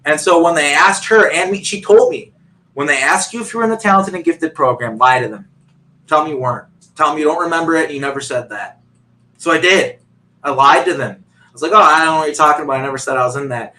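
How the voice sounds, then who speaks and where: A man's voice: a little high, brisk, sharp tone, poor audio. A man on a video call telling a long personal story in a rambling way, full of fillers and restarts. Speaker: guest.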